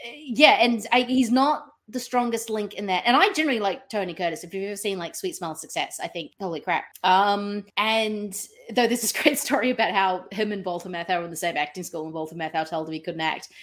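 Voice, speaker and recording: Woman guest on a movie podcast, lots of ums, kinda rambly, does little voices for quotes, medium pitch. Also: quick pace, hardly any pauses. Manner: rambling, thinks aloud with many ums, acts out quotes. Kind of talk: casual film review chat.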